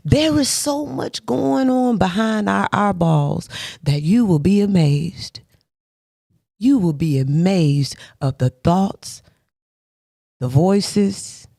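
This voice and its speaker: A woman's voice: mid-range voice, gravelly, warm tone, no room sound, studio quality. A woman giving a motivational faith talk, emphatic and repetitive like a preacher, with rhetorical questions and frequent laughs. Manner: laughs often between points.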